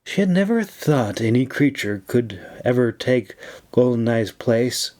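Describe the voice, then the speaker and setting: Slow, measured male audiobook narrator. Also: mid-range voice, big pitch swings, a little mellow. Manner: measured, unhurried reading.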